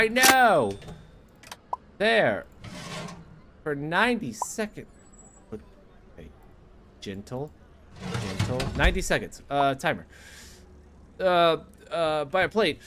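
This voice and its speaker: A young man with a fairly high voice talks over his own gameplay in quick sarcastic bursts. His pitch swings widely, dropping into low mutters and jumping to squeaky yelps. A faint noise sits under the recording. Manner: frantic, sarcastic, jumps between mutters and squeaky outbursts. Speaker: gaming youtuber. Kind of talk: casual gameplay commentary.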